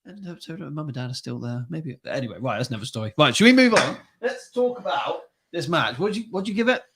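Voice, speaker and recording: A man's voice: fairly high pitch, animated, fast, fairly bright tone, slightly rough. A young man co-hosting a wrestling podcast, rambling and swearing through casual banter. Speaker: podcast co-host. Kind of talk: casual chat.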